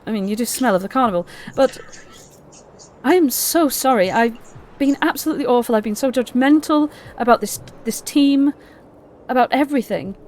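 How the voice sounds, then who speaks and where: A woman's voice: a little high, a little mellow, a little hiss or hum, voice pushed up, close to an everyday voice. A woman voicing a remorseful young woman who stammers through earnest apologies. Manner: stammering, halting.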